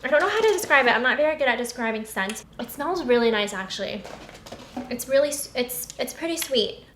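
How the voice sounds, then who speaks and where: A woman's voice: a little high, animated, a little fast, fairly bright tone. A young woman in her twenties chatting casually while unboxing beauty products, gushing and giggling as she goes. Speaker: beauty vlogger. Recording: echoey room with noticeable noise.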